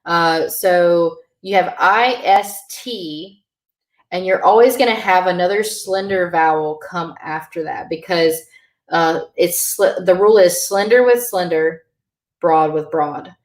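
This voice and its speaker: A woman's voice: on the low side, slow pace, roomy sound. A woman teaching a beginner Irish language lesson, explaining pronunciation patiently with many ums and uhs.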